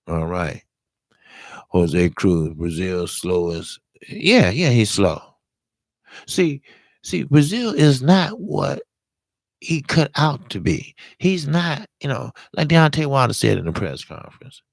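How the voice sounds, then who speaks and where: A man hosting a live-streamed boxing talk show, hoarse from talking all day, giving blunt, emphatic and profane commentary while greeting viewers. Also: mid-range voice, sing-song, takes it slowly, no echo.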